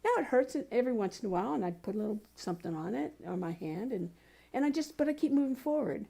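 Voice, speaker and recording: Woman pastor kinda high voice, chatty sermon w personal stories, encouraging the congregation. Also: lively intonation, fast, creaky, warm tone, husky. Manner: conversational, telling personal stories. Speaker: minister. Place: spiritual community center service.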